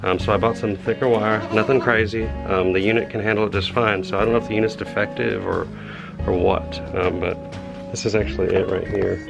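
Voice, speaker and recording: A man, talking frankly and rambling as he thinks out loud in a casual homestead vlog, outdoors. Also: lowish voice, fairly even intonation, fairly quick, vocal fry, music in the background, low-quality recording. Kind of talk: casual vlog talk to camera.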